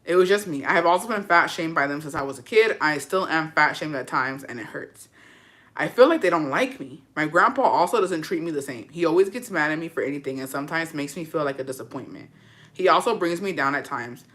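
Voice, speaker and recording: A woman with a bright, forward voice hosts a casual advice chat, reading listener letters aloud. She answers them frankly in loose slang, swears freely and calls the listener "bestie". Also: low voice, lively intonation, brisk. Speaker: podcast host giving advice.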